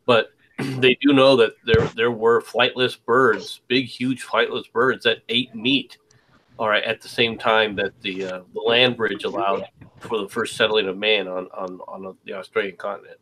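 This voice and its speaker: A man on a podcast explaining a point haltingly, with many restarts and fillers. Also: on the low side, steady tone, fairly bright tone, slight background noise, low-quality recording. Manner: halting, searching for words, explanatory. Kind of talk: casual chat.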